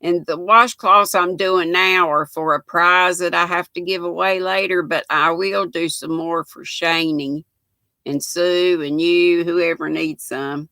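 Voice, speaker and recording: A woman's voice: lowish voice, fairly even intonation, unhurried, bright, forceful tone, dry recording. An older woman from North Carolina with a North Carolina Southern accent, chatting folksily on a crochet livestream and greeting viewers by name. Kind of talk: casual livestream chat reading comments.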